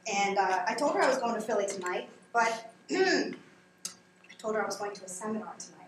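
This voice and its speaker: A woman's voice: mid-range voice, lively intonation, a little fast, noisy background. A woman performing a stand-up comedy monologue on a small theater stage, chatty and teasing as she jokes with the audience. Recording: roomy live room with audience.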